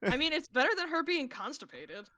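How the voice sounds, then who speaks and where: Female guest, bright sharp voice, blunt crude humor, dry close sound. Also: high-pitched, brisk, no room sound. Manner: blunt, crude deadpan jokes. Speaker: podcast guest. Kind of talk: casual chat.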